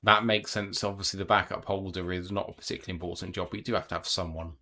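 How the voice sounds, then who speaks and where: A British man hosting a live reaction stream, commentating on plays in quick bursts and reading viewer comments aloud. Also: low voice, steady tone, bright, forceful tone. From United Kingdom. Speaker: podcast co-host and play-by-play commentator.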